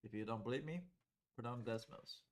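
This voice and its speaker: A man lecturing a calculus class in a relaxed, conversational way. He talks through each step at the board and keeps stopping to ask students whether it makes sense. His voice sits at an ordinary middle pitch. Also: a little fast. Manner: conversational, checks in with students often. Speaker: calculus teacher.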